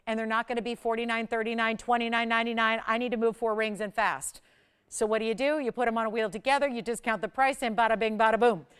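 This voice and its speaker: A woman hosting a live home shopping show, pitching jewelry deals in a chatty, energetic way with sudden loud bursts. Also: quick pace, clean tone.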